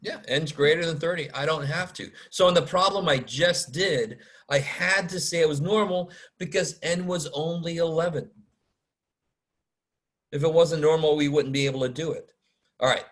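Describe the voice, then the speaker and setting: A man's voice: on the high side, a bit bright. Casual man teaching stats over video call. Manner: informal, self-deprecating, mutters asides and mild curses. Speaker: math instructor. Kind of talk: casual online lecture. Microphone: video call mic.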